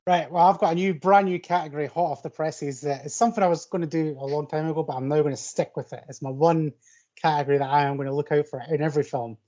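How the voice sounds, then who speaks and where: A man's voice: a little high, fairly even intonation, fast, dark tone. A man co-hosting a podcast, laying out a new film award category with eager, playful mock seriousness. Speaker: podcast co-host. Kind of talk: casual film chat. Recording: dull lo-fi podcast audio.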